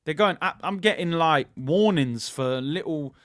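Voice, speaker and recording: Young guy doing a football stream, bit high voice, dry close mic, jokey slangy banter. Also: expressive, a little slow, no room sound. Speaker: football channel host. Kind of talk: casual live-stream chat.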